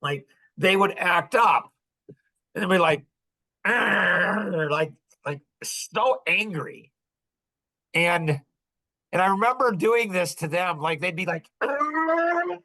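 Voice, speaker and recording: An older man hosting a podcast, telling stories to a group in an animated way and acting out quotes with sudden loud bursts. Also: sits high, a little slow, low-quality recording. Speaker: podcast host. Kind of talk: storytelling to a live group.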